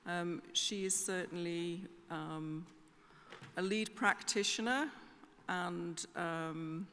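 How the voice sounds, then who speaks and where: A woman with a lowish voice introduces the next speaker at a conference, pausing often on ums. Her words ring out with a long hall reverb over faint background hum. Her delivery stays formal and halting. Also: a bit bright. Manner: hesitant, with many ums. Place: concert hall conference centre. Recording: concert hall reverb with faint ambient noise.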